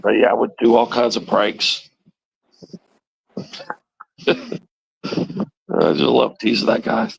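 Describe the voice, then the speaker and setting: A man's voice: lowish voice, very slow, gravelly, pauses often, slightly rough, no echo, lo-fi sound. A man hosting a casual livestream chat, rambling and teasing with a chuckle. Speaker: livestream host.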